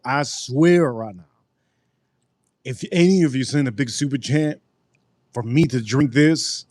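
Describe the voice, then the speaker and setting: A man's voice: mid-range voice, no room sound. Man rambling through a livestream, dry sound. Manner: rambling, joking, animated outbursts. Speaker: livestream host. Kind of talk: casual livestream drink review.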